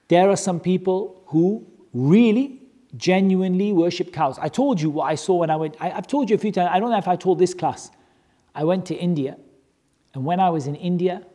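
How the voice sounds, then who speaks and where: A religious teacher telling a story to a class, animated and joking, asking many rhetorical questions. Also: mid-range voice.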